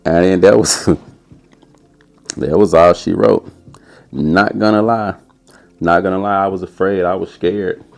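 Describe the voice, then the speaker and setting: Low-voiced young man telling a story. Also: slow, creaky, pauses often. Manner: animated, acts out quotes in a high voice. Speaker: podcast host. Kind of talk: casual storytelling.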